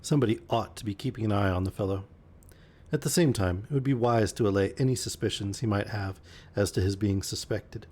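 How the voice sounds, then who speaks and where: Low husky man reading a novel aloud. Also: a little fast, a little mellow. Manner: dry, joking asides between passages.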